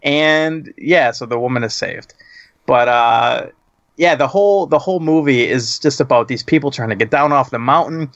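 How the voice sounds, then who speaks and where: A man's voice: medium pitch, normal speed, a bit bright, dry recording, highs cut off. A man co-hosting a casual chat, laughing and swearing as he retells a movie's scenes. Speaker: podcast co-host.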